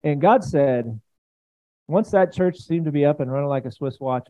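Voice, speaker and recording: Here a pastor with a fairly high voice preaches at a moderate pace, keeping his church sermon conversational, chatty and eager, with many asides to the congregation. The audio is dry and tinny, like a phone recording.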